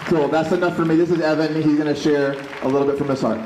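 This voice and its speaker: A man leading a protest crowd through a calm, guided emotional exercise. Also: on the high side, background noise. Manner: calm, coaching, measured. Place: outdoor street protest. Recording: echoey outdoor PA, crowd behind.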